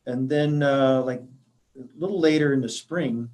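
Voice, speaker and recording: A man speaks as a hospice grief counselor, presenting to a library audience. His mid-range voice moves in a thoughtful, halting way, full of small fillers and restarts as he explains. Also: mid-range voice, darkish tone.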